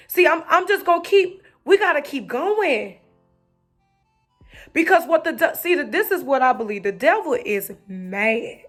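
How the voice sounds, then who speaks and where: High-voiced woman preaching over soft music. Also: sing-song, measured pace. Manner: repetitive, rhythmic preaching with casual slang. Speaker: online preacher. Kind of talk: encouraging sermon to camera.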